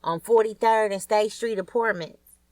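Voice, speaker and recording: A woman reading an audiobook, voicing excited young neighborhood kids who call out and chatter. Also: medium pitch, moderate pace, no room sound, recorded from a distance, pitched above the performer's own voice, close to an everyday voice. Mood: eager. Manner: shouting, calling out. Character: excited neighborhood kids, boy and girl, eager.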